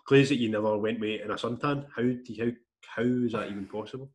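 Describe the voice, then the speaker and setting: Fast-talking blunt Scottish man. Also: mid-range voice, fairly even intonation, darkish tone. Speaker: podcast co-host. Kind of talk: casual chat.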